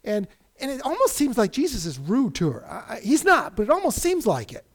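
A man's voice: extremely high pitch, a little fast. A middle-aged man preaching a sermon as a pastor, telling stories with energy and acting out the people he quotes. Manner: animated storytelling, acting out quoted voices.

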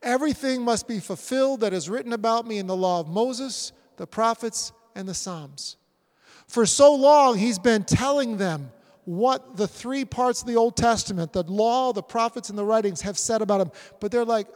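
High-voiced pastor preaching in a hall. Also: male voice, moderate pace. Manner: animated, acts out scripture scenes. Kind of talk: sermon.

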